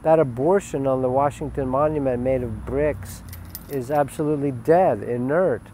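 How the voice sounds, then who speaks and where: A man at a middle pitch delivers a rambling spiritual webcast monologue. He swings from emphatic, loud declarations to hushed asides, with a faint hum of passing vehicles behind him. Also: normal speed. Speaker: spiritual teacher.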